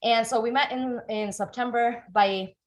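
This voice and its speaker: A young adult woman telling her life story in a relaxed interview, lively and full of fillers and repeats. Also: fairly high pitch, a little slow. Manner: animated, many fillers and repeated words. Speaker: guest. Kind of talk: conversational storytelling.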